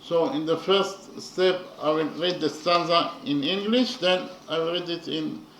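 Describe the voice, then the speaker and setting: A man teaching poetry in a slow lecture, halting often with fillers as he explains. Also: fairly high pitch, creaky, a bit bright, slight background noise. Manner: hesitant, many pauses and fillers. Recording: echoey room.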